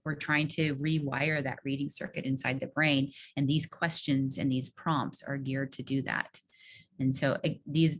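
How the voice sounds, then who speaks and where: A woman leading an online teacher training workshop over a video call, explaining a reading routine step by step and modelling the prompts she gives in class. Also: a bass voice. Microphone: video call microphone.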